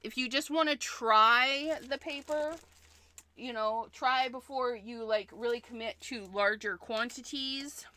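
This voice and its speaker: A woman's voice: on the high side, measured pace, bright, forceful tone. A woman hosting a card-making livestream in a casual demonstration, chatty and thinking aloud, often repeating herself.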